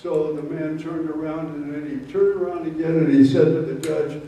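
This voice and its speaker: A man telling folksy true stories at a live storytelling event, in a slow anecdotal manner, recorded from far off in a roomy hall. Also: a little high, fairly even intonation, dark tone, slight background noise. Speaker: storyteller, former prosecutor.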